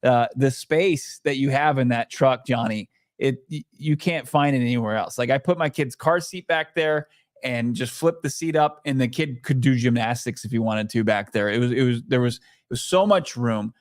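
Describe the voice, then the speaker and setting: Guy cohosting a sports podcast, talks fast and excited, dry mic. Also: medium pitch, no room sound. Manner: chatty, enthusiastic salesman-like ad reads. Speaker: podcast co-host. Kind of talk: casual sports podcast chat.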